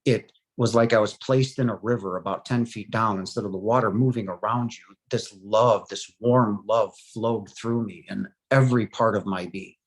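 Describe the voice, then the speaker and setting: A man in his forties giving a personal testimony, earnest and halting, with frequent pauses and fillers, his voice softening into hushed moments. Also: on the low side, steady tone. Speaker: near-death experience survivor.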